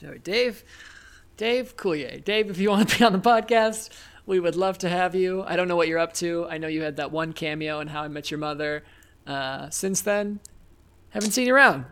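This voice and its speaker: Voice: medium pitch, moderate pace, fairly bright tone, smooth. A podcast host in casual chat, playful and rambling, laughing often between thoughts.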